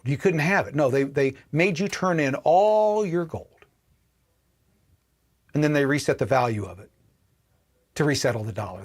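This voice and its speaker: A man hosting a political livestream, ranting with profanity and swinging between shouting and low muttering. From Indiana, US. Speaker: political commentary host.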